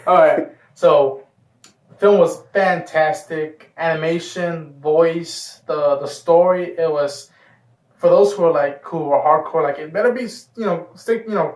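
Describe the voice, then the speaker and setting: A man's voice: a little high, a little mellow. A man hosting a casual film review, talking enthusiastically and rambling, with the odd swear word. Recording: echoey room, far from mic.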